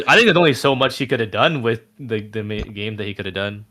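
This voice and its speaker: A man chatting casually on a stream, swearing often and working himself up into loud rants. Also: on the low side, lively intonation, quick pace. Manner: swears a lot, gets loud and ranty. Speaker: animator streaming. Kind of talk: casual chat.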